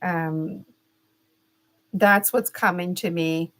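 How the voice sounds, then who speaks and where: Slow-talking woman giving a rambling reading. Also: on the low side, fairly bright tone. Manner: rambling, chatty, with many fillers and restarts. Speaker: spiritual reader. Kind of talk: casual gemstone reading.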